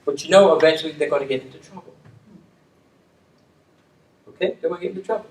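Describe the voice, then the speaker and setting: Older man, former dean, emphatic repeater, fairly high voice, roomy distant mic with faint noise. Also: fast talker. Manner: repeats "okay?" to check in, emphatic restatements. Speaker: community leader and former dean. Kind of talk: reflective conversation.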